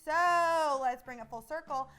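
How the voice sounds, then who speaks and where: A young adult woman co-hosting a TV recap show, chatting casually with quick quips and playful asides. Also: high-pitched, sharp tone, faint music behind. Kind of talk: casual chat.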